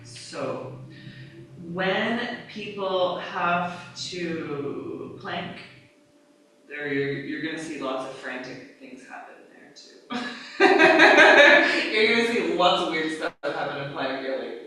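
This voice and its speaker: A woman's voice: on the low side, slow, a little hiss or hum. A woman training yoga teachers, talking casually and acting out her cues, with frequent laughs. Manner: casual, lively, acts out cues, laughs often. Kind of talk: live teacher-training class talk. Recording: echoey room, mic far off.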